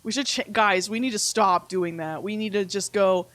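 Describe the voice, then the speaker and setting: A woman's voice: medium pitch, moderate pace, a bit bright, no room sound. A woman streaming from home, chatting casually while gaming, laughing often and speaking candidly with some swearing.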